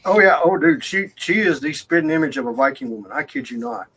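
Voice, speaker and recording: A man's voice: on the high side, expressive, quick pace, fairly bright tone, slightly rough, low-quality recording. A man in casual chat, telling family stories with emphatic asides. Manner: chatty, emphatic storyteller.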